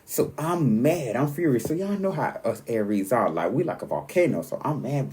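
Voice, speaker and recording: A man hosting his own podcast, telling stories in a rambling, animated, casual way with sudden jumps in pitch. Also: moderate pace, hardly any pauses. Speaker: podcast host. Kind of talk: casual solo podcast monologue.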